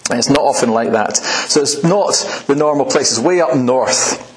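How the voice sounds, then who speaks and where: A man's voice: mid-range voice, normal speed, reverberant, low-quality recording. A man preaching a sermon in a church, telling stories in a conversational, rambling way with restarts. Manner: conversational, anecdotal, with frequent restarts and fillers.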